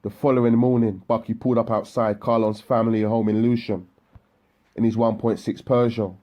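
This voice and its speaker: A man reading an audiobook in a steady, matter-of-fact narration. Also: lowish voice, brisk, muffled recording. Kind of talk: scripted narration. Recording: electronic music bed underneath.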